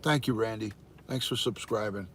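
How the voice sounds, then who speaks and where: His voice is on the low side, slightly rough yet fairly bright, delivered at a normal speed. An older American retired detective, he hosts an easygoing live stream from his phone, greeting viewers by name with good cheer and calling out the viewer count.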